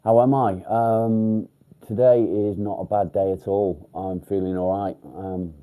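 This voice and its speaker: An English man runs a relaxed live chat with his viewers, answering their comments one by one. His voice sits low and sounds dark and warm. He talks bluntly, swears without a second thought and fills his pauses with ums. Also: clear, resonant tone. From England. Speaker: livestream host. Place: outdoors by a field.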